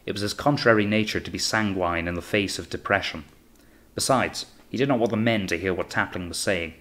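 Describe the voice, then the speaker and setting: A man reading an audiobook as narrator in a steady, measured way. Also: low-pitched. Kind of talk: scripted narration.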